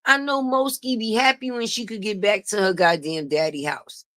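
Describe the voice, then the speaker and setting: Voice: mid-range voice, steady tone, normal speed, pushed and bright, dry recording, studio quality. A channel host giving a blunt, profane gossip commentary, repeating points for emphasis and laughing mockingly.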